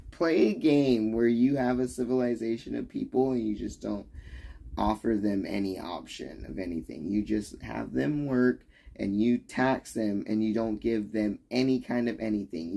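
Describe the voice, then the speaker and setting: A young man with a gravelly, creaky voice rants at his stream chat in slow, drawn-out bursts. His tone is heated and sarcastic, and he swears freely. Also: mid-range voice, darkish tone. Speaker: livestreamer. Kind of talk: ranting livestream chat.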